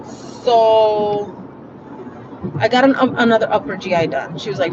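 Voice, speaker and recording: A woman's voice: fairly high pitch, lively intonation, normal speed, a crowd in the background. A woman talking casually and bluntly to her viewers while driving, swearing freely as she chats. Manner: blunt and profane, chatty. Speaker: vlogger. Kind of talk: casual car vlog monologue. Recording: muffled lo-fi audio with road noise. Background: traffic and road noise.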